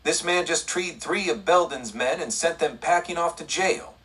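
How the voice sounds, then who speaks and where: A man's voice: a little high, moderate pace, fairly bright tone, recorded from a distance, voice pushed up, natural voice. A man doing a cocky young cowboy. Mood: confident. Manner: confident.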